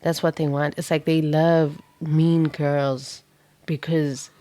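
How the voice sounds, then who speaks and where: A woman's voice: low voice, level tone, slow, dark tone, no room sound. A woman doing a pick-a-card tarot reading, telling it as a vivid, dramatic story with casual swearing.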